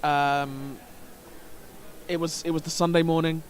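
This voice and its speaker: A man's voice: a little high, level tone, a little slow, a little hiss or hum. A man commentating a sports game, telling a story hesitantly with many fillers and restarts.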